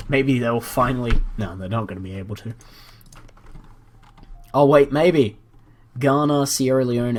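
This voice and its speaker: A man casually commenting on a strategy game as he watches, playful and jokey, with excited outbursts. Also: fairly low pitch. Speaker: gaming commentator.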